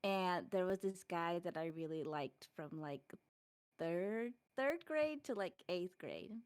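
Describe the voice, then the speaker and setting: A woman's voice: fairly low pitch, lively intonation, takes it slowly, smooth. A young woman co-hosting a podcast, chatting casually with giggles and telling a story about her school days. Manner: giggly, chatty, quotes herself. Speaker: podcast co-host.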